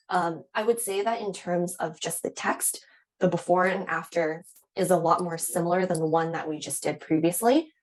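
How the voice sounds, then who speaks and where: A young woman instructor walks students through admissions interview answers in a relaxed, conversational way. Her voice sits a little low, and she leans on fillers and "right?" to keep it friendly. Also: low-quality recording. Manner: casual, frequent "right?" and "um". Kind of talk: teaching admissions interview skills.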